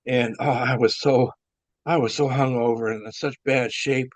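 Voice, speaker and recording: Speaking in a steady, mid-range voice at a moderate pace, an older ex-wrestler wanders through his stories, chuckling, using fillers and restarting. The recording is lo-fi, dull and dry, without room sound.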